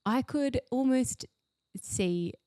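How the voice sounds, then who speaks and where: A woman hosting a podcast, guiding the conversation in a measured, thoughtful way. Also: high-pitched, lively intonation, mellow, no echo. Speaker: podcast host. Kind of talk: casual interview chat.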